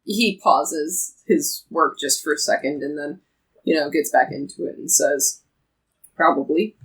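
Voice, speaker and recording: A game master narrating a tabletop game, describing a character with many pauses and restarts. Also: medium pitch, fairly bright tone, rough recording. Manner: hesitant, many ums and restarts while describing.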